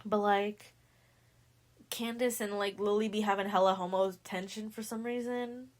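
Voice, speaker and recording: A woman's voice: mid-range voice, fairly even intonation, normal speed. A young woman hosting a podcast, casually recapping a novel in slangy speech and acting out the characters' lines. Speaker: podcast host.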